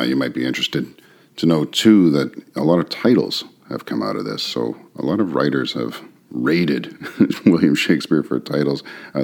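A man giving relaxed, conversational commentary on a play, with frequent fillers and the odd chuckle. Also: extremely low pitch, gravelly. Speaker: literature commentator. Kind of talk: casual spoken commentary on a play.

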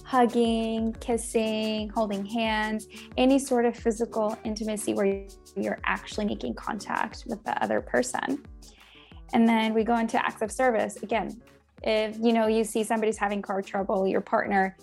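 A woman's voice: a little high, steady tone, normal speed, gravelly, a little mellow, faint music behind. A woman co-hosting a relationship talk show, chatting casually and explaining ideas with acted-out everyday examples. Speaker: guest co-host. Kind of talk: casual chat.

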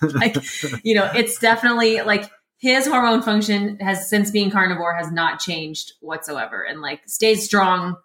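A woman guest in a casual interview, talking in an animated way and often laughing as she explains. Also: medium pitch, normal speed, roomy sound.

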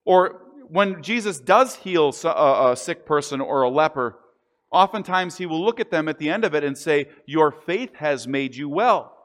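A man preaching a sermon, earnest and deliberate, slowing down on the key phrases. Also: fairly high pitch, expressive, a bit bright. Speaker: pastor.

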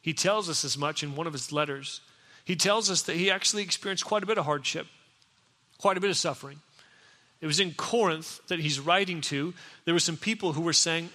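A pastor giving a sermon, telling the story in a conversational way and acting out what people said. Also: male voice, a little high, a little fast, pushed and bright. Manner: storytelling, conversational, acts out quotes. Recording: echoey hall.

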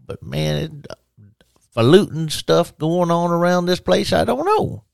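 A man's voice: on the high side, expressive, a little slow, vocal fry, smooth, dry recording, studio quality, voice pushed up, full character voice. A man voicing a cranky old man who grumbles in a folksy drawl about young folks. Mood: grumbling.

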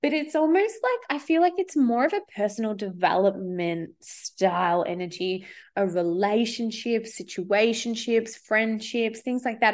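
A woman's voice: a little high, a little slow. A woman talking casually in a studio as a spiritual podcast host, chatty and swearing freely as she acts out inner voices. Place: studio with windows.

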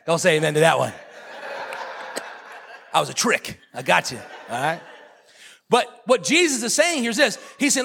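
A man's voice: sits high, very animated, normal speed, creaky, long pauses, a bit bright, slightly rough, in a large hall. A man preaching a sermon as pastor, emphatic and repetitive, joking with his congregation. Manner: emphatic, repeats key phrases, jokes with the congregation.

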